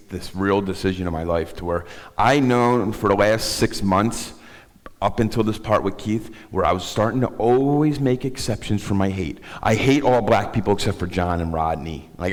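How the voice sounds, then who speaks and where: Low-voiced man in a reverberant sanctuary. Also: moderate pace. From South Philadelphia. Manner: candid, rambling storyteller with self-deprecating humor. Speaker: guest speaker. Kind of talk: personal testimony talk. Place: synagogue sanctuary.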